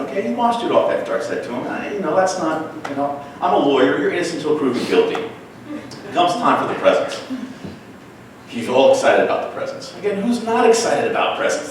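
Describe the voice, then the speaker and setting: A man telling a personal story on stage at a storytelling class, wry and animated, mimicking voices for punchlines. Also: mid-range voice, slight background noise. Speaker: storyteller at a live class show. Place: small theater with an audience. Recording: echoey room recorded from far off.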